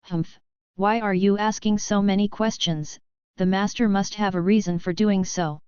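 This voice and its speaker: A small, loyal male creature snaps back in defense of his master, read by a woman in her plain voice. The voice is very smooth and crisp, and the recording is dry and a bit dull. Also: medium pitch, steady tone, moderate pace, a little mellow, dry recording, natural voice. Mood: huffy.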